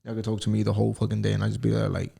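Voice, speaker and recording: A man's voice: fairly low pitch, monotone, racing, creaky, warm tone, breathy edge. A young man hosting a solo comedy podcast, rambling and profane and laughing at himself. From United States. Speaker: podcast host. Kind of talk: casual solo podcast monologue.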